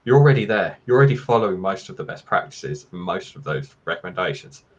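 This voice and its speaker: A man speaking as a guest in a casual panel discussion over a video call, explaining in a steady, measured way. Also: deep voice, muffled recording.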